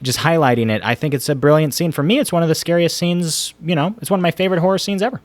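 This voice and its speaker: A man's voice: fairly high pitch, quick pace, dry recording. A man hosting a movie podcast in casual chat, emphatic and repeating his points. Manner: emphatic, repetitive questioning. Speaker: podcast host.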